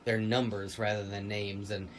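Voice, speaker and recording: A man's voice: fairly low pitch, rough recording. Chatty man with faint hum behind. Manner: rambling, animated, quick asides. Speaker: podcast co-host. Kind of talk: casual fan review chat.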